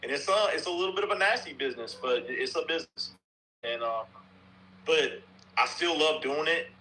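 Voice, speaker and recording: A man's voice: on the high side, moderate pace, bright, forceful tone, a little hiss or hum, rough recording. A middle-aged man from North Carolina chatting casually on a podcast, rambling and repeating himself with the odd curse word. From North Carolina, USA. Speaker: softball bat reviewer and podcast guest.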